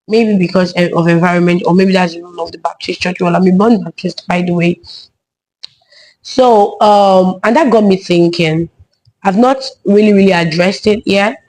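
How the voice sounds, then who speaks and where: A woman's voice: on the low side, a little mellow, poor audio. A young woman, talking in a casual vlog monologue and often checking in with "right?" tag questions. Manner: chatty, frequent tag questions. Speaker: vlogger and children's church teacher.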